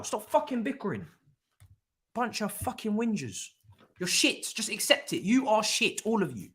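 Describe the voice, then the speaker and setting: Angry man ranting, very animated. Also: high voice. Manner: angry, swearing, repetitive ranting. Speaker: football fan streamer hosting a watchalong. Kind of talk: live watchalong rant.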